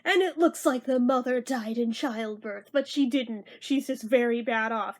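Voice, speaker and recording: A young woman with a high voice talks through a film in a loose, chatty way. She is sarcastic, swears freely and bursts into mock-dramatic outrage. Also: normal speed, hardly any pauses. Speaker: movie reviewer. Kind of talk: casual movie review.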